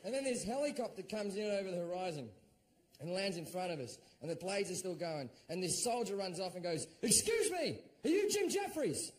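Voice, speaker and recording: Australian man, stand-up comic, high-pitched, crude and lively, noisy live recording. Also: brisk. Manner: profane, animated, acts out shouted quotes. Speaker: stand-up comedian. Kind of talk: stand-up storytelling.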